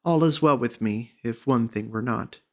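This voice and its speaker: A man voicing a sad, tearful young maiden in a storybook reading, with a soft, pleading delivery. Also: medium pitch, normal speed, lightly acted. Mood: sorrowful.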